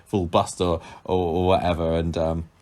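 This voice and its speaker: A man's voice: deep voice, level tone, moderate pace, a little mellow. A man co-hosting a podcast, casually retelling soap scenes and quoting the characters. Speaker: podcast co-host. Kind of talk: casual chat recapping a soap.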